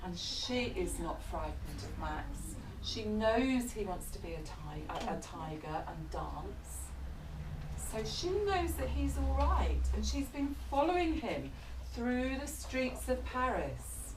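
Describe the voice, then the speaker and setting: A middle-aged English woman reading a picture book aloud to children, animated, stopping to ask them questions. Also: medium pitch, slow pace, noisy background. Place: bookshop or café event room. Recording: echoey room, distant mic, background chatter.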